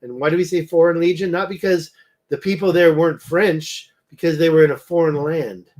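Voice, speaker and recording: A man's voice: on the high side, brisk, a little mellow. A tired man hosting a casual livestream, rambling and thinking aloud as he looks through photos. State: tired, yawning. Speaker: livestream host.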